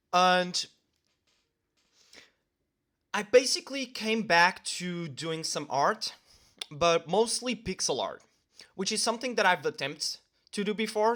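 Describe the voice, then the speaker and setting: A young man chats casually to his camera while he eats, his voice sitting a little higher than most men's. He rambles, fills gaps with ums and uhs, and sometimes talks with his mouth full. It sounds like a relaxed home video shot on the camera's own mic. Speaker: vlogger. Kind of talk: casual talk to camera while eating lunch.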